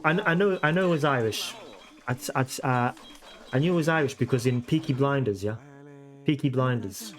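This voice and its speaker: A man streaming a life-sim game, chatting casually with viewers in a rambling way and ending many sentences with a questioning tag. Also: mid-range voice. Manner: rambling, keeps tagging "yeah?" onto sentences. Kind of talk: casual chat with viewers while playing.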